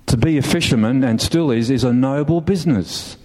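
A man's voice: mid-range voice, a little fast. Emphatic preacher, man. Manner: animated storytelling, rising to emphatic questions, with laughs. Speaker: pastor. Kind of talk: sermon.

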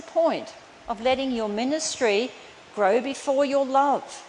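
A woman's voice: sits high, slow pace, darkish tone. A woman preaching a sermon in an earnest, emphatic way that turns tender. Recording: reverberant hall, faint room noise.

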